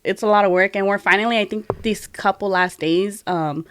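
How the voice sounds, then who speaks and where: A woman co-hosting a podcast in casual chat, chatty and animated, laughing often. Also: medium pitch, brisk, slight background noise. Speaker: podcast co-host.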